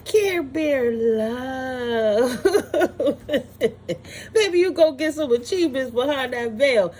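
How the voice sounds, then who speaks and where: A woman's voice: mid-range voice, a little mellow, a little hiss or hum. A woman doing a casual spiritual tarot reading, sassy and blunt, scolding with profanity and frequent laughs. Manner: scolding, dismissive. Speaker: tarot reader.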